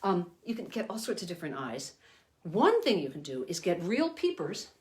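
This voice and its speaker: A woman's voice: on the low side, very animated, normal speed, a little mellow. An older woman, a children's entertainer, giving a chatty, rambling puppet-making lesson with frequent self-corrections.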